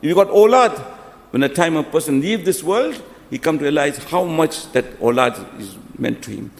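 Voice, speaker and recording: A man's voice: a little high, animated, moderate pace, vocal fry, a little hiss or hum. A man giving a wedding sermon with anecdotes and a closing prayer, exhorting and repeating his key phrases, mixing in Urdu and Arabic words. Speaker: speaker giving a talk at a nikah ceremony. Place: mosque hall. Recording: long mosque reverb.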